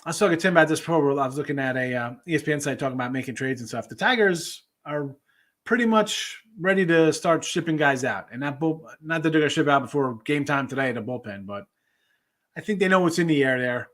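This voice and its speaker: On his sports betting livestream, a man talks fast in a fairly high, fairly bright voice, reading out viewer comments and skipping loosely from one topic to the next.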